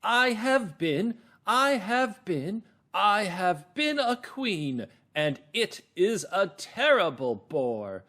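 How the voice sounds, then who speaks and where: A man voicing storybook characters in a high, drawn-out, theatrical reading voice. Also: sing-song, bright, forceful tone, heavily acted. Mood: whiny.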